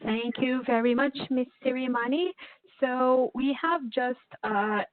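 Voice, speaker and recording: Fairly high-voiced woman moderating a webinar. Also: fairly even intonation, measured pace, no room sound. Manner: polite, with frequent fillers and restarts. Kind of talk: hosting an online panel. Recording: dry, tinny phone-like webinar audio.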